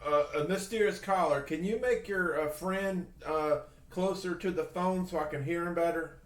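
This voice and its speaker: A man's voice: a little high, moderate pace, echoey room. A man hosting a podcast who talks casually and stumbles, repeating his words as he goes. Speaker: podcast host. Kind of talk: casual chat.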